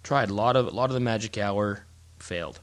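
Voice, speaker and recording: A middle-aged man co-hosting a casual chat, telling stories in a rambling, animated way with many restarts. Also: lowish voice, brisk. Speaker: podcast co-host.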